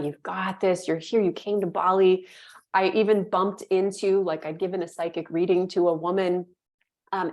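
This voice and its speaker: A woman in her thirties, a podcast guest, telling a personal story with animated delivery and acting out the inner voices she recalls. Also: fairly low pitch. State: moved to tears at times.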